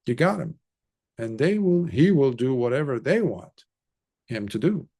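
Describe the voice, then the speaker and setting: A Buddhist monk narrating an old tale in a relaxed, conversational dharma talk. His voice is mellow and unhurried, with lots of rise and fall. He breaks in with chatty asides. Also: mid-range voice, husky. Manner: animated, conversational storytelling with asides.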